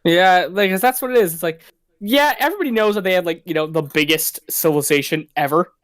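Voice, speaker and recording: A man's voice: sits high, fast talker, fairly bright tone, no room sound. A young man tells game stories in a loose, filler-heavy way during a casual stream chat. His voice sits dry and close, with no room around it.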